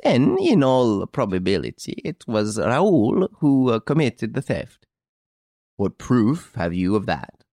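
A man reading an audiobook, voicing a calm, clever chevalier who explains a theft in a smiling, deliberate way. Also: medium pitch, dry recording, studio quality, pitched above the performer's own voice, exaggerated voice.

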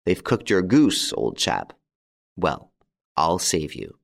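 A man reading the lines of a bold, mocking gentleman thief in an audiobook, with a jaunty, theatrical, taunting manner. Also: deep voice, big pitch swings, slow, gravelly, exaggerated voice. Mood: persuasive.

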